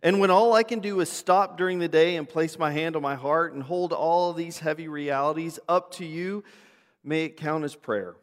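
A man's voice: on the high side, moderate pace. A man pastor delivering a sermon with prayer and scripture reading, earnest, with fillers and restarts. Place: church sanctuary. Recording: long church reverb.

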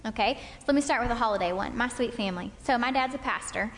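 A woman's voice: fairly high pitch, fast talker. A woman in her thirties speaking to an audience, telling personal anecdotes and checking in with "okay?". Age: 30s. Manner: warm anecdotal, frequent "okay?" check-ins. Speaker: speaker at a couples' talk. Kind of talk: storytelling talk to an audience. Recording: long hall reverb.

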